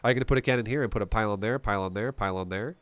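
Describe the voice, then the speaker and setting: A man's voice: lowish voice, racing, fairly bright tone, clear, resonant tone, dry recording. Guy swearing his way through a game breakdown, blunt and jokey, dry close sound. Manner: profane, blunt, joking. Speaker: game commentator. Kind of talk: casual gameplay commentary.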